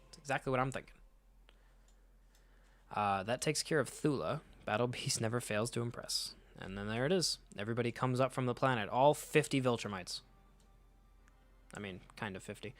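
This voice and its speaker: A man hosting a casual comic read-through, rambling and reacting as he goes. He swears freely and laughs often, in a mid-pitched voice. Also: moderate pace, pauses often, a bit bright. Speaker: comic reader, channel host.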